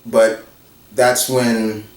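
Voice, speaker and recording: Guy rambling through a story slow, bit far off in an echoey room. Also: medium pitch, flat delivery, darkish tone. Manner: rambling, with restarts and quick laughs. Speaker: channel host retelling a fan story. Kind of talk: casual storytelling. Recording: roomy, from a distance.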